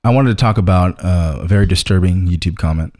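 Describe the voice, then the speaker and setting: A man's voice: low voice, quick pace, darkish tone. Young man telling stories with laughs. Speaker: podcast co-host. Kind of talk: casual chat.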